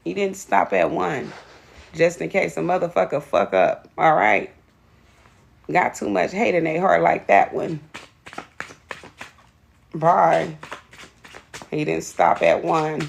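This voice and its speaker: A woman's voice: on the low side, animated, takes it slowly, gravelly, pauses often, a little hiss or hum. A woman giving a live tarot reading, blunt and profane, greeting viewers by name. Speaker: tarot reader.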